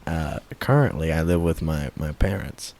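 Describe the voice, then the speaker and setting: A man putting on a slow, low, creepy voice as a young man who lives with his parents. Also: gravelly, darkish tone.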